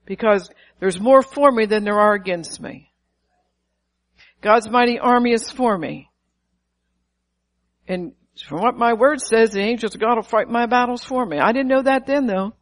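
A woman's voice: on the high side, normal speed, long pauses. A middle-aged woman preaching a sermon, emphatic and calling out to her listeners. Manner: emphatic, calls to the audience.

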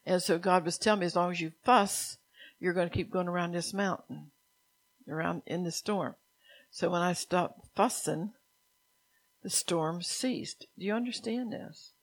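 A woman preaching a sermon, reading scripture and speaking God's words to her listeners, at times softly. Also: lowish voice, measured pace.

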